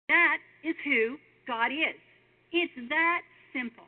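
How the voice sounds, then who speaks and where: A woman's voice: high voice, slow pace. Earnest woman preaching over a tinny line. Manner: earnest, emphatic, addresses listener directly with questions. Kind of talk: devotional sermon. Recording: tinny phone-like sound.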